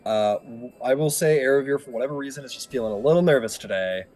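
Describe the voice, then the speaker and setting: A man running a tabletop game as game master, talking casually with many pauses and fillers. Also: medium pitch, darkish tone.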